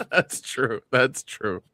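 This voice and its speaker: Excitable man with a lively, bright voice. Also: medium pitch, dry recording, clean studio sound. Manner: excitable, repeats himself, laughs often. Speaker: podcast co-host. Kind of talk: casual pop culture chat.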